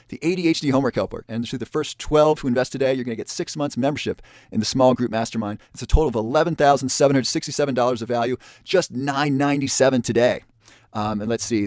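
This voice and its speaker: A man's voice: medium pitch, a little mellow, dry recording. Pushy webinar salesman, dry close sound. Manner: pushy salesman tone, repeats offers and counts down spots. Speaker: webinar presenter.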